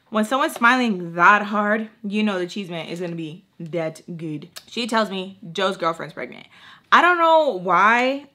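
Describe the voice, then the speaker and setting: A young woman telling a storytime on her vlog in a casual, sassy way, acting out what others said to her. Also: medium pitch. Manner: sassy, animated, acts out quoted dialogue. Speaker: beauty vlogger.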